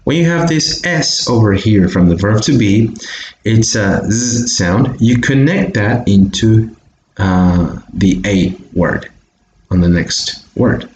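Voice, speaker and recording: Bolivian guy teaching english, slow careful repeats, echoey room with faint hiss. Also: lowish voice, animated. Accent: Bolivian Spanish. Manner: patient, repeats example sentences slowly for pronunciation. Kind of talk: recorded online English lesson.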